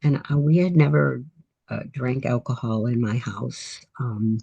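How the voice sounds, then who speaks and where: Octogenarian woman author, husky and mellow voice, telling reflective, encouraging stories in a casual interview. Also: rumbling low, measured pace, muffled recording. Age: 80s. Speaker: author guest.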